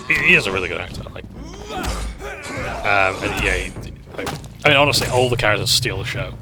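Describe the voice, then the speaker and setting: A man's voice: lowish voice, lively intonation, brisk, over music. A man hosting his gaming channel, chatting casually over gameplay in a rambling, hesitant way. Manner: rambling, hesitant, full of fillers.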